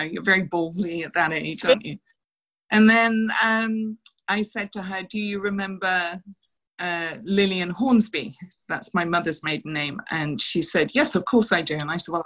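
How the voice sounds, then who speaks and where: Middle-aged woman, interview guest, animated storyteller, slightly low and crisp. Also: moderate pace, poor audio. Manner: animated anecdotes, quoting others with laughs. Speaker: interview guest, former showgirl dancer.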